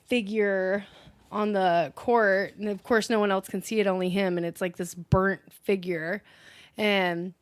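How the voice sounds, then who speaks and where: A young woman co-hosting a casual movie review, chatty and relaxed, with plenty of ums between thoughts. Her voice sits in a middle range. The sound is dry and close. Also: mid-range voice, smooth, dry recording. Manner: chatty, with many filler ums. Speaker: co-host.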